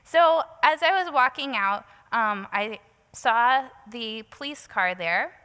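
A woman with a bright, slightly high voice tells a candid personal story as part of a sermon. She talks in a casual, self-deprecating way with plenty of "like" and "um", and her words echo with a long hall reverb. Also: lively intonation, slow pace, clear, resonant tone.

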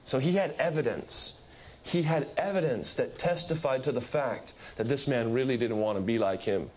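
A man's voice: normal speed, slight background noise. A man preaching a sermon, telling a story emphatically with many repetitions. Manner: emphatic storytelling, repetitive, lively shifts in pitch.

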